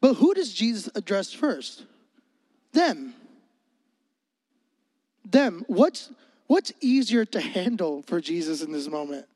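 A man preaching a sermon in a lively, comedic way, acting out the scenes in his stories as he goes. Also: high voice, slow, pauses often, no echo. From Florida.

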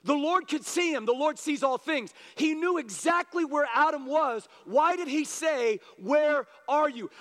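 Fervent male preacher, strikingly high pitch, booming church reverb. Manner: impassioned, rising to shouted appeals. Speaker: pastor. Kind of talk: sermon. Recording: long hall reverb.

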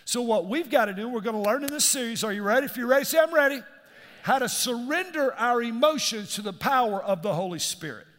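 A man's voice: very high-pitched, animated, fast talker, hardly any pauses, fairly bright tone. A middle-aged man, preaching a sermon and asking his congregation questions as he goes. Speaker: pastor. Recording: long hall reverb.

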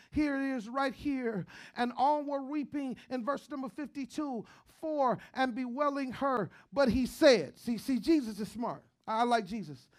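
A woman preaching a sermon, repeating phrases rhythmically and swinging between shouting and near-whispers, with frequent "come on now" call-outs to the congregation. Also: fairly high pitch.

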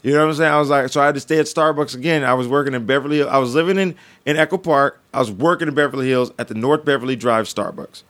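Animated storytelling man. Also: very fast, few pauses. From Los Angeles resident. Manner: animated, acts out quotes with big pitch jumps. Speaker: podcast co-host telling stories. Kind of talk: casual storytelling chat.

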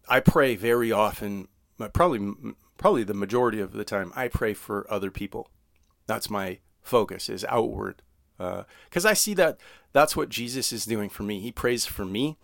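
A man's voice: medium pitch, no room sound. Plain-spoken male preacher, dry close sound. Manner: conversational preaching, frequent "right?" asides; reads scripture slowly, then explains in plain words. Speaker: pastor. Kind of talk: sermon.

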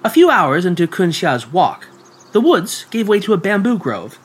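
A man narrating folk ghost tales in a measured, dramatic storytelling manner. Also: sits high, very animated, husky. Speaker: podcast storyteller.

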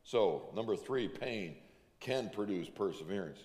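A male pastor giving a sermon, emphatic, slowing down to drive home each point. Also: fairly low pitch, lively intonation, a little mellow, in a large hall. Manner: emphatic preaching, slows down to stress points.

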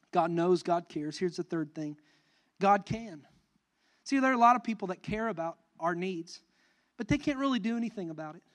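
A young adult man preaching a sermon as pastor, animated and building to emphatic, near-shouted peaks. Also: high voice.

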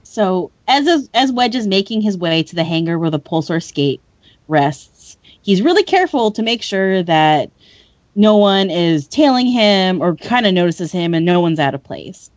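A woman's voice: fairly low pitch, big pitch swings, moderate pace, no echo, muffled recording. A woman co-hosting a podcast, casually recapping book chapters and laughing often. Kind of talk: casual chat.

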